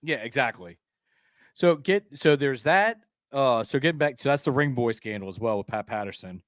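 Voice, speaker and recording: A man's voice: medium pitch, animated, normal speed, no room sound, studio quality. A man co-hosting a casual podcast, easygoing and agreeable. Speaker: podcast co-host. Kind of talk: casual chat.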